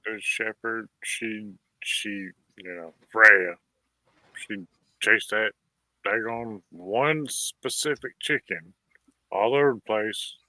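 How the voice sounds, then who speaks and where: A man in casual chat who drawls his stories at a slow, easy pace. His voice is a touch low but very bright. The sound is dry and close. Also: no echo. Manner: drawling storyteller, folksy. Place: rural home.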